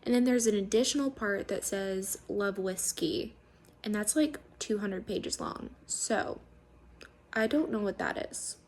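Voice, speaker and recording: Slow-talking gushy woman reviewing books. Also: medium pitch, darkish tone. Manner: gushing, emotional, chatty with many fillers. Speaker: book reviewer. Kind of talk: casual vlog book reactions.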